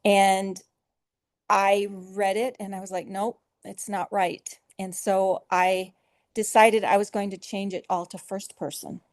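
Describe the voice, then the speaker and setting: A woman's voice: medium pitch, flat delivery, measured pace, no echo. A middle-aged woman, an author being interviewed, telling her story earnestly and with feeling. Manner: earnest, emotional, with soft laughs and filler restarts. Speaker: author guest.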